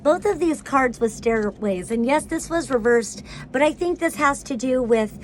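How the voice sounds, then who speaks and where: Woman, tarot reader, casual spiritual talk, slightly high voice, hesitant, lots of ums and restarts. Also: animated, normal speed, soft background music. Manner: rambling, hesitant, many fillers and restarts.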